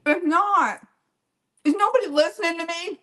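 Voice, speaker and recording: Her voice is very high, bright and forceful, moving at normal speed over a rough recording. As a home baker on a casual live stream, she chatters while working, rambles, teases herself, names her viewers and laughs frequently.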